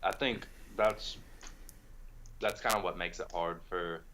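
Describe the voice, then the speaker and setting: A young man from the United States explaining in a casual video chat, relaxed and full of fillers. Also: low-pitched, slow, slight background noise, rough recording. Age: young adult. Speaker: language exchange partner. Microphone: video call.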